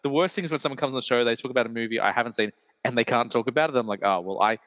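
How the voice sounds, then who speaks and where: A man's voice: medium pitch, very fast, fairly bright tone, no room sound, long reverb tail, dull audio. A man hosting a podcast in casual chat, chatty and self-deprecating, laughing often. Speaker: podcast host.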